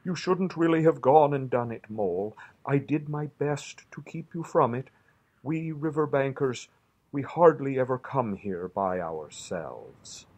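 A man's voice: mid-range voice, lively intonation, unhurried, darkish tone, pitched above the performer's own voice. A man reading aloud and voicing a kindly, good-natured male water rat who talks soothingly and practically.

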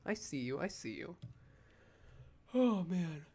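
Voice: mid-range voice, sing-song, slow pace, dark tone, husky. A let's-play commentator chatting casually at home over gameplay, drowsy and rambling with frequent swearing. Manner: sleepy, profane, rambling.

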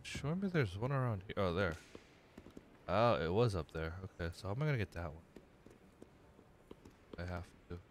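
A man's voice: low voice, lively intonation, normal speed, long pauses, slight background noise. A young man casually commenting on his video game playthrough, rambling, correcting himself and getting distracted. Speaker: gaming streamer. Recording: game music behind.

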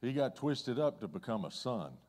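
A man preaching a conversational sermon as pastor, swinging between loud excitement and hushed, low asides. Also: normal speed. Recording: long hall reverb.

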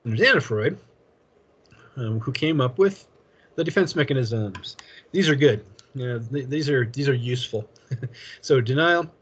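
A man's voice: medium pitch, animated, normal speed, long pauses, fairly bright tone, breathy edge, dull audio. A man teaching a college class in a casual, rambling lecture, chuckling often and telling anecdotes. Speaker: college instructor.

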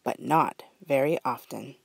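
A gentle, knowing grandmother from a children's storybook speaks softly in a lowered, hushed voice, as a woman plays her. She talks slowly, close to a dry mic. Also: creaky, no echo, heavily acted.

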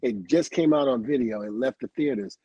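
Fairly quick and husky, this middle-aged man's mid-range voice is captured in a dry, muffled recording. Appearing on a livestream, he tells career stories with gusto, voicing others' remarks, laughing often and dropping swear words.

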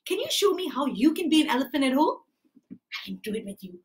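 A woman's voice: high-pitched, very animated, quick pace. A young woman from Malaysia leading a live-streamed lesson for small children, exclaiming and talking in a sing-song way. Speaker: children's class teacher. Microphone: phone or camera on a livestream.

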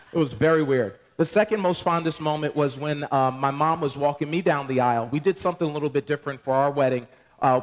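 A man's voice: fairly high pitch, a little hiss or hum. A man, a pastor, joking with his congregation as he tells wedding stories at the start of a sermon in church. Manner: playful, joking, addresses the congregation. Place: church sanctuary.

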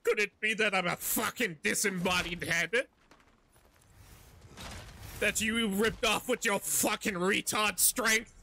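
A man voicing a furious disembodied male god's head who spits drawn-out insults. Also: sits high, fairly even intonation, vocal fry, bright, forceful tone, a little hiss or hum, voice pushed up, full character voice. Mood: furious, insulting. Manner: spitting insults, drawn-out words.

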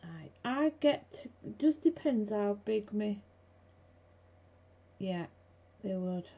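Here the same kind of host, chatty and blunt, talks viewers through her crafting from a home craft room, with her voice mid-range, creaky and dark-toned. She takes it slowly, with lively intonation. Faint hiss sits under the dull lo-fi sound.

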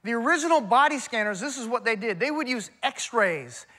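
A man's voice: very high-pitched, expressive, moderate pace, pushed and bright. A man preaching a sermon in a church, emphatic and conversational, often addressing the crowd as y'all. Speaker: pastor.

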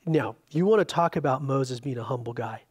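A man pastor preaching a conversational Bible-study sermon, animated, with frequent restarts and filler words. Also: mid-range voice, fairly quick, breathy edge. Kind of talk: expository sermon. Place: church sanctuary.

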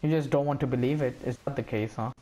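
A man's voice: medium pitch, fairly even intonation, fast, mellow, a little hiss or hum. A young man chatting casually over a headset while gaming, teasing and cursing at his opponent. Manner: teasing trash talk, cursing. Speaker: gamer.

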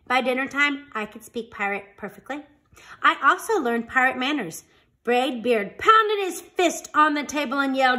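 A woman reads a picture book aloud in an animated storytime voice. Her pitch sits high and rises and falls widely, so every line sounds expressive. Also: measured pace.

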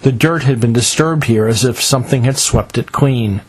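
A man reading a first-person adventure story in a measured, dramatic storytelling manner. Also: mid-range voice, husky, rough recording. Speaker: narrator.

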